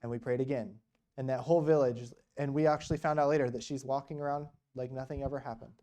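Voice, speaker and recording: In a church, a visiting speaker preaches through stories, chatting with the congregation and sprinkling in rhetorical questions and "you know." His voice is medium in pitch, warm and steady, and he speaks fast.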